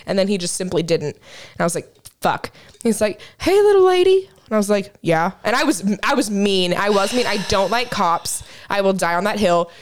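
A young woman co-hosting a casual podcast, telling animated stories and swearing freely. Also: mid-range voice, moderate pace, crowd noise. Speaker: podcast co-host. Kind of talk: casual chat.

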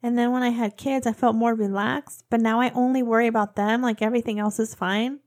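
A woman in her thirties co-hosting a casual podcast chat, an animated storyteller who acts out quotes. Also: on the high side, brisk. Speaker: podcast co-host.

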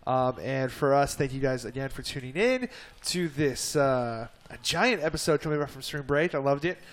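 A male podcast co-host reading out social handles and signing off briskly, with "uh" fillers. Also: medium pitch, expressive. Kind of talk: show sign-off.

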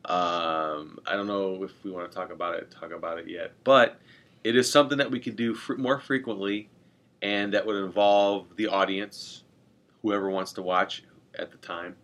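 A man's voice: low voice, steady tone, normal speed, fairly bright tone. A man co-hosting a podcast in casual chat, rambling and joking, correcting himself as he goes. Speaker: podcast co-host.

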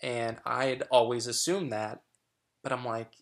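A man's voice: mid-range voice, steady tone, a little slow. Chatty man telling frank stories. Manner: frank, chatty, many fillers and restarts. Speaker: guest. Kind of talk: candid personal storytelling.

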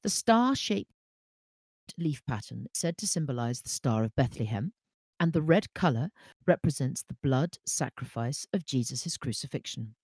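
A woman co-hosting a podcast, reading facts aloud with bright enthusiasm. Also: a bass voice, expressive, moderate pace, husky, no echo, studio quality. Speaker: podcast co-host. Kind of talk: casual chat reading facts.

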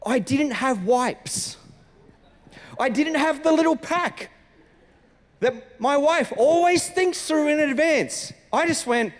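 A man, a senior pastor telling a personal story in a sermon with lively, animated delivery. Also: very high-pitched, takes it slowly. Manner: animated storytelling, acting out his own lines. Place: church auditorium. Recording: reverberant church hall.

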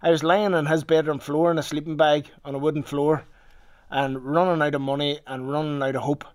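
Man, Northern Irish accent, somewhat high voice, casual storytelling, frequent swearing. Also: level tone, fairly quick, smooth. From Northern Ireland. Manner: swears freely, rambling anecdote with restarts.

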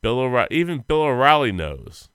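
A man co-hosting a sports podcast, chatting casually in a profane, rambling, animated way. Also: mid-range voice, normal speed, clear, resonant tone, no echo, clean studio sound. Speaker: podcast co-host.

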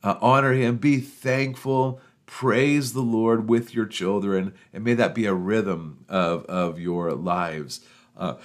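A man hosting a podcast for pastors, telling funny church stories in a casual, chatty way and laughing at his own jokes. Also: fairly low pitch. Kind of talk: casual storytelling talk.

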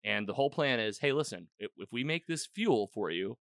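Male host, casual recap chat; bright, crisp tone, dry studio sound. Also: mid-range voice, a little fast, no room sound. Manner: rambling, animated retelling with quoted lines. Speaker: podcast host.

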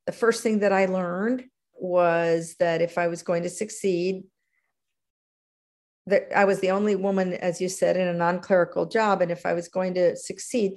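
A middle-aged woman, a guest in an interview, telling stories from her career in an animated conversational way. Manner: animated, acts out quotes with big pitch jumps. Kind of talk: conversational storytelling.

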